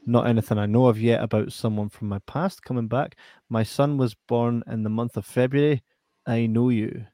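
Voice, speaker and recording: A man's voice: medium pitch, fairly even intonation, moderate pace, warm tone, dry recording. A man with a Scottish accent hosting a casual live stream, reading out chat messages with lots of laughter and banter. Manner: banters, laughs often, swears.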